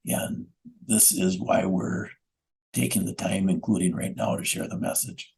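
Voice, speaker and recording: A man's voice: low-pitched, expressive, unhurried, creaky, a little mellow, slight background noise, rough recording. A middle-aged man speaking as a guest in a radio interview, giving a methodical, earnest account that lists times and doses. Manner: earnest, insistent. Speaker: guest, bereaved father.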